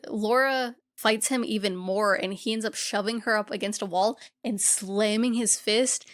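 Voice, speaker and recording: Woman podcast cohost recapping a movie, swears a lot, blunt, mid pitch. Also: steady tone, moderate pace. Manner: blunt, profanity-laced retelling. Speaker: podcast co-host. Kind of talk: casual movie recap chat.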